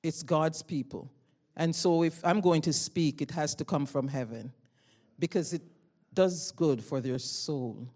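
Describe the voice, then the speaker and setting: Loud, fervent woman preaching a sermon. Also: low voice, unhurried. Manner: conversational storytelling with rising emotional bursts.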